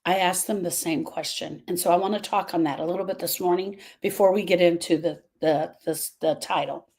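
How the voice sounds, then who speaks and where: A woman's voice: lowish voice, fairly even intonation, a little fast, a little mellow, slightly rough. A woman grief coach talking casually to viewers on a live stream, earnest and repeating herself as she drifts off topic.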